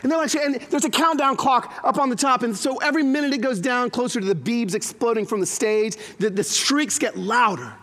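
A man's voice: very high voice, brisk, hardly any pauses. A man in his forties preaching a sermon as a pastor, telling stories with acted-out quotes. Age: 40s. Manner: animated storytelling with acted-out quotes.

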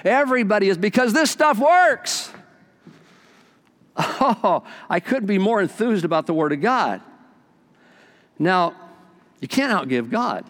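An older male pastor preaches with eager, storytelling energy, his voice sitting a little high for a man. He jumps from loud exclamations down to quiet, hushed lines. The sound rings with a long reverb, as in a large church hall. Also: expressive, measured pace, pauses often. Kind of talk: sermon.

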